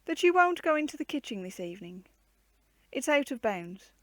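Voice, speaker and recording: A woman voicing a gentle but firm mother in a storybook reading, calm and reassuring. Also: high voice, moderate pace, no echo.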